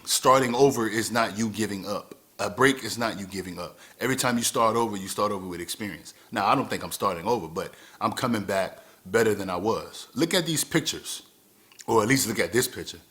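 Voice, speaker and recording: A man's voice: on the low side, sharp tone. A man in his thirties giving an earnest motivational talk to camera, repeating phrases for emphasis. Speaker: vlogger.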